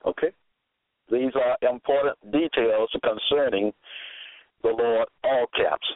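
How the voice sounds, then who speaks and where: Man preaching slowly and emphatically, dry tinny phone-line sound. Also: mid-range voice, dry recording. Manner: measured, emphatic, repeats key phrases. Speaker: preacher presenting a case. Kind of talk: slow deliberate sermon.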